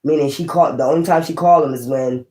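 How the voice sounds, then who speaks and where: A warm-toned, low-sitting voice belongs to a fast-talking tarot reader giving a casual, blunt, profane reading while thinking out loud. There's a roomy echo.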